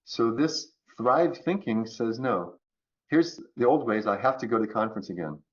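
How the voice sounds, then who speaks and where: A man's voice: mid-range voice, normal speed. Reflective man with dull-sounding audio. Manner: animated, acts out quoted voices. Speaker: guest. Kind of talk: conversational coaching talk.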